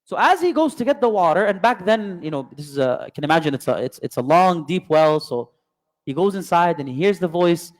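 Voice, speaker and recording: With lively intonation and a fairly quick pace, a high-voiced man gives a storytelling religious lesson full of rhetorical questions and Arabic terms. He is an Islamic teacher, and the audio has a long hall reverb.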